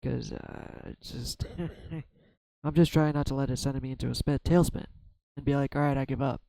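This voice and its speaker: Man, tarot vlogger, soft dark tone, flat delivery, halting and self-searching, dry sound. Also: mid-range voice, gravelly, dry recording, rough recording. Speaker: tarot reader. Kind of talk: reflective solo tarot vlog.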